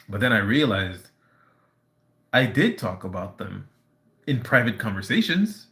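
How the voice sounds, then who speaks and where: A man on a casual live stream, telling a personal story in a halting way, full of fillers and restarts. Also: mid-range voice, big pitch swings, sharp tone.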